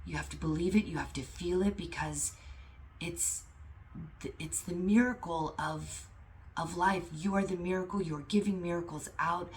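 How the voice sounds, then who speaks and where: A woman with a low, deep voice reads from a spiritual lesson and breaks into fervent, emphatic commentary. She talks plainly and casually, swearing now and then as she urges her listeners on. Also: normal speed, slight background noise. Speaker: spiritual teacher.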